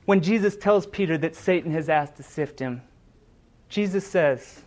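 Male preacher, fairly high voice, earnest sermon delivery, dramatic storytelling. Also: a little slow, darkish tone. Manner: earnest, dramatic retelling of scripture with emphatic quoted lines.

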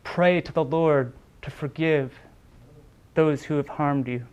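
Male pastor, high-pitched, earnest sermon delivery with small restarts. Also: slow, a little mellow, clean tone, highs cut off. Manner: earnest preaching with repeated words and brief restarts.

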